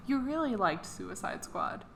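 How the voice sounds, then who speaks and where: A woman's voice: on the high side, sing-song, slow pace, gravelly, a little hiss or hum. Teasing young woman co-host. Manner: teasing, laughs easily. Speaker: podcast co-host. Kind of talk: casual chat.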